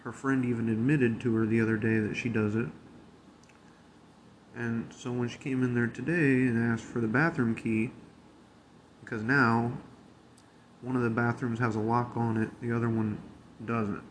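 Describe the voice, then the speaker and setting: A man's voice: medium pitch, level tone, moderate pace, long pauses. A man with a mid-range voice tells a workplace story, blunt and full of swearing. He drawls along casually, with faint noise underneath. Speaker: convenience store worker.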